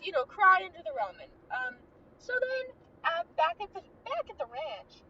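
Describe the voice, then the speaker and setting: A woman hosting a podcast and recapping a movie in a relaxed, chatty way. She acts out the characters' lines and laughs as she goes, recorded inside a moving car. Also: very high-pitched, normal speed. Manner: animated storytelling, acting out characters' lines with laughs. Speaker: podcast host. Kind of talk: casual movie recap chat. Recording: distant muffled car recording, loud road noise.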